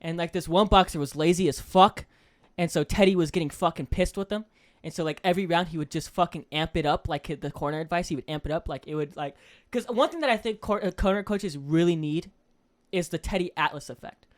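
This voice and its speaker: A young man co-hosting a casual podcast, talking in an animated way, swearing freely and loudly acting out coaches' pep talks. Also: a little high, fairly quick. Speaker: podcast co-host.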